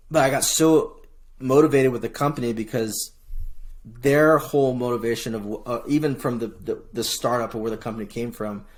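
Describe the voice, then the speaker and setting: A middle-aged man from Hawaii, a podcast guest telling his story in casual, lively chat, often restarting phrases. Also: mid-range voice. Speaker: podcast guest, military veteran.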